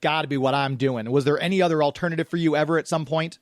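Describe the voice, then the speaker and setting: A man's voice: fairly high pitch, steady tone, quick pace, no room sound, studio quality. A man hosting an interview podcast, asking long rambling questions with many fillers. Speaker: podcast host. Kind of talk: casual interview.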